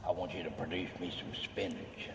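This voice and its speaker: A man's played voice message, repeating the same demand over and over in a flat, insistent way. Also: low-pitched, fairly quick, background noise. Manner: monotone, insistent repetition. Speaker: viewer voice message. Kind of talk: played voice command. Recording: echoey distant clip with music.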